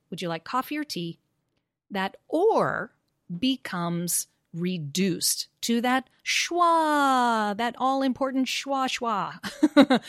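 Woman, pronunciation teacher, animated explainer, mid pitch, dry recording. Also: no echo. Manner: demonstrates intonation by repeating example phrases; explanatory, animated, laughs often. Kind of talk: conversational discussion about teaching.

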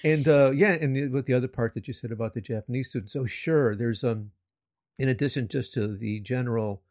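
A man's voice: medium pitch, fairly quick, darkish tone, dry recording, studio quality. A man chatting casually, telling a rambling anecdote with restarts and chuckles. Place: living in Japan.

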